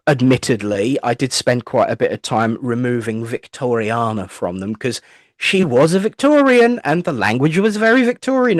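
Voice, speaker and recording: A chatty English man spinning long, rambling anecdotes in an interview, throwing in playful asides. His pitch sits in the middle range, and the recording is dry and close with no room sound. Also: no echo. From England. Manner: acts out voices when quoting people. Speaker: guest, spiritualist minister and medium. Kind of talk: interview, storytelling.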